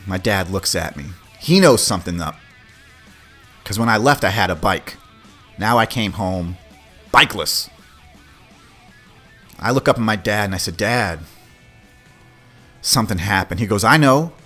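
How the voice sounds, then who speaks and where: A middle-aged man, hosting a podcast and telling a story from his childhood in a casual, animated way, swearing freely. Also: on the low side, a little slow, pauses often. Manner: animated, swears, acts out quoted voices. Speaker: podcast host. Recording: faint music behind.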